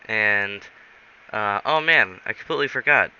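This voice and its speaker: A man with a lowish, expressive voice, smooth yet pushed and bright, rambles through an improvised comic story at normal speed. He corrects himself often and fills the gaps with "um" and "like," on a dull recording with faint hiss.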